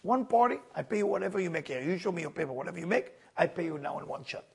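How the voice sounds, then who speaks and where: Man doing a wealthy patron, coaxing, persuasive, gravelly voice. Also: high-pitched, expressive, rapid-fire, a little mellow, exaggerated voice.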